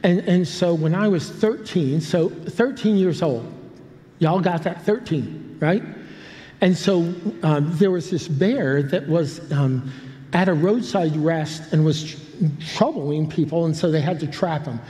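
Older male pastor, warm mellow tone, a bit high, rambling storyteller. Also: measured pace. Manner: rambling, self-interrupting with humorous asides. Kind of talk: sermon storytelling. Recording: long hall reverb.

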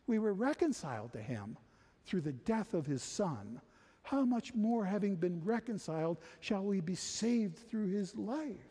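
A man preaching a sermon, moving between hushed, low passages and loud, high-pitched exhortation. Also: very animated, a little slow, in a large hall.

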